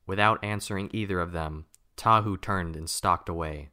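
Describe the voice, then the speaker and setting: Male storybook narrator, low voice with a bright edge. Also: normal speed.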